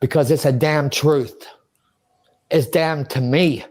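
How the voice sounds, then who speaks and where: A man's voice: on the high side, fairly even intonation, slow pace, darkish tone. Agitated, rambling man in an interview. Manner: rambling, agitated, swearing, talks to himself. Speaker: interview subject. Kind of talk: emotional interview monologue.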